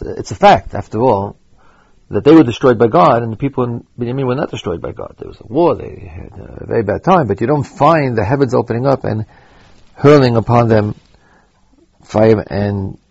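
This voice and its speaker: A man teaching a Torah lesson, halting and repeating words as he thinks aloud, with Hebrew terms mixed in. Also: mid-range voice, expressive, vocal fry, darkish tone, slightly rough, no echo, highs cut off. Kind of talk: spoken Torah lecture.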